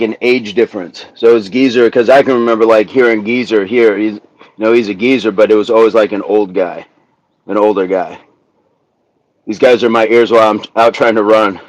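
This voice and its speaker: American guy chatting on his workout stream, laughs a lot, deepish voice, dry close sound. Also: darkish tone, no room sound, poor audio. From US South, raised in the Midwest. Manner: chatty, laughs easily, reads viewer comments aloud. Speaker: fitness livestream host. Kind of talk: casual live-stream chat reading comments. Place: California.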